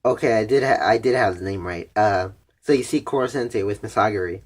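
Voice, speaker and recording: A man's voice: on the low side, fairly quick, slight background noise. Casual, cursing young man recapping anime. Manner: rambling, profane, heavy use of "like". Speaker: anime reviewer.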